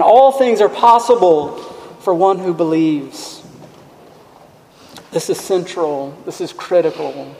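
Slow, earnest preacher in an echoing hall. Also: male voice, high voice, gravelly, a little hiss or hum. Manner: earnest, emphatic preaching with quiet asides. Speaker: pastor. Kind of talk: sermon. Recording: echoey hall with long reverb.

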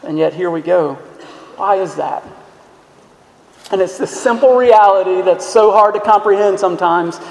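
High-voiced man preaching in echoey hall. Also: normal speed, gravelly, long pauses. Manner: earnest, emphatic preaching with rhetorical questions. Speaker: pastor. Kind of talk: sermon.

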